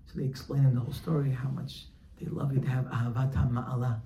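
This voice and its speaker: A religious teacher, a man, telling a story in a sermon, animated and acting out the characters. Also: medium pitch, quick pace, hardly any pauses, dull audio. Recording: echoey room, faint background noise.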